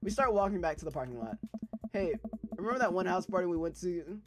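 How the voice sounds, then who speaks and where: A young adult let's play gamer reads a dating game's dialogue aloud in a mid-range, expressive voice, talking fast with music in the background. It's casual commentary, loose and profane, full of laughter as he riffs on the game text.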